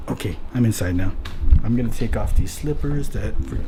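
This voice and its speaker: A man giving a casual vlog tour of a rental house, keeping his voice hushed and low-key so he doesn't wake anyone. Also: a little fast, background noise. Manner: hushed, low-key, trying to stay quiet. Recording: roomy indoor sound with background music.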